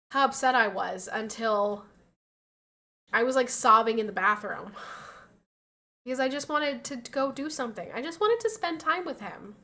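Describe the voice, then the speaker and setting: Bright, high-voiced young woman streamer. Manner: chatty, laughs often, quotes people in animated voices. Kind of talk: casual chat reading viewer messages.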